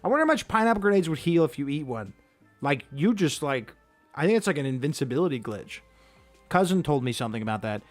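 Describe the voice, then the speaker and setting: A man's voice: a little high, very animated, quick pace, faint music behind. A man giving let's-play commentary as he plays, chatty and self-mocking, reacting aloud to the game. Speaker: gaming video creator.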